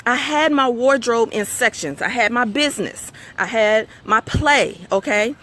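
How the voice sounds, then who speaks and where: Middle-aged woman, host of a live motivational stream; bright tone, conversational and sermon-like, checks in with the audience. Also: a little high, unhurried. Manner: conversational, preachy, asks audience for agreement.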